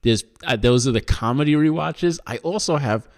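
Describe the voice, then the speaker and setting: A man's voice: medium pitch, moderate pace. Rambling, laughing man listing films. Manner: rambling, swears, laughs often. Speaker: podcast host. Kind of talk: casual chat.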